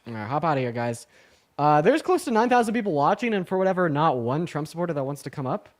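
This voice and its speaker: A young man hosting a livestream debate, talking fast and casually with many fillers. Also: a little high, big pitch swings.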